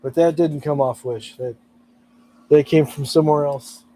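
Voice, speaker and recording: Hoarse chatty man, light voice. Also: on the high side, fairly even intonation, normal speed, mellow. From California. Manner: chatty, laughs often, rambling. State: hoarse from allergies. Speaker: live streamer. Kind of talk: casual live-stream chat.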